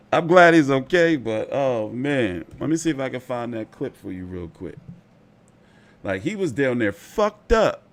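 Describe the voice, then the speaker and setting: A man hosts his own boxing channel in a loose, off-the-cuff style at an ordinary speaking pitch. He rambles through fight talk and swears freely. His sentences are full of "like" and "you know.". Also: very animated, a little slow. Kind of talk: casual fight commentary.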